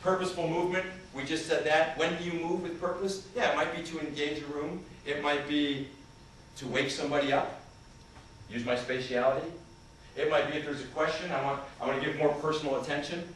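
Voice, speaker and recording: His voice sits on the high side, a bit bright and steady in tone, and he speaks a little fast. He trains people in communication and is leading an interactive seminar in a large conference hall, questioning his listeners. The audio has hall echo, faint noise, and a far-off mic.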